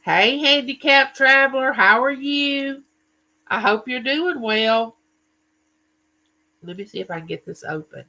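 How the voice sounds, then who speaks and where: Male livestream host, bright and forceful, loose chatty storyteller who greets his chat. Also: extremely high pitch, unhurried, long pauses, low-quality recording. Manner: chatty, tells stories and greets viewers by name.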